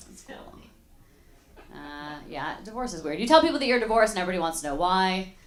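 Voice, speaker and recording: A woman's voice: lowish voice, animated, fairly quick. A young woman doing a stand-up comedy set in a club, chatty and playful with the audience. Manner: chatty, playful crowd work. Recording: roomy club sound with audience laughter. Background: audience laughing.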